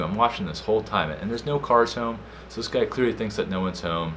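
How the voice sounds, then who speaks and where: A young man co-hosting a casual podcast, telling a story with slang and loud acted-out quotes. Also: sits low, quick pace, hardly any pauses, a little hiss or hum. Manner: animated storyteller, slangy, acts out quotes loudly. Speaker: podcast co-host.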